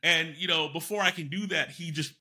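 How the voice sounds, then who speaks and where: Older male guest, animated anecdote-teller, bright tone, lots of fillers. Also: fairly high pitch, a little fast. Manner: animated, rambling anecdotes with many fillers and self-interruptions. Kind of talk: storytelling in a podcast interview.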